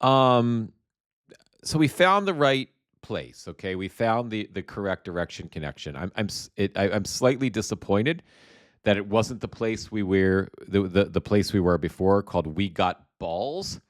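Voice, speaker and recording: A man's voice: lowish voice, expressive, moderate pace. A man hosting a casual political commentary show, sarcastic and stumbling, repeating words as he goes. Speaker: host.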